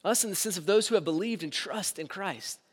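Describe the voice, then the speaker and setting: High-voiced preaching man in a reverberant hall. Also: fairly quick, breathy edge. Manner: preaching with emphatic swings in volume. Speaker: pastor. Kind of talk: sermon. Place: church sanctuary.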